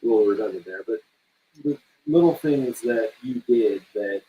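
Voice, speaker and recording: A man co-hosting a casual video game podcast who makes dry jokes and voices excited what-ifs. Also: lowish voice, normal speed, lo-fi sound. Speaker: podcast co-host. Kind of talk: casual chat about video games.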